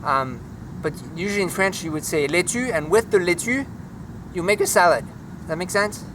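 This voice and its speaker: A man walking through a home vegetable garden outdoors, naming plants and teaching their French words in a relaxed, chatty way. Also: sits high, normal speed, noisy background. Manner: relaxed, chatty, easily enthused. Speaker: language teacher giving a garden tour.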